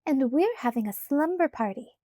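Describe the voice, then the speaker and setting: A woman's voice: high-pitched, expressive, normal speed, warm tone, no echo, studio quality, pitched above the performer's own voice. A woman doing a trilling, sing-song vampire girl. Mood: chirpy. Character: cheerful teenage vampire girl, bubbly and pushy.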